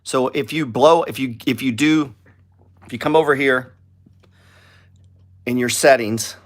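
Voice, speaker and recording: A man's voice: mid-range voice, unhurried. A middle-aged man hosting a live trading show, talking over stock charts in a blunt, profane, lecturing way.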